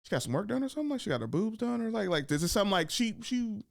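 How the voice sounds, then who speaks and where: A man's voice: sits high, big pitch swings, racing, creaky, no room sound, clean studio sound. A young man hosting a podcast in casual comedic chat, swearing freely and acting out voices. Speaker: podcast host.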